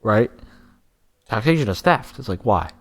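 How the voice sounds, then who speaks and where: Man, stream host, lower voice, very lively pitch, profane rambling reaction talk. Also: measured pace. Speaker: podcast host. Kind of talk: casual live-stream reaction chat.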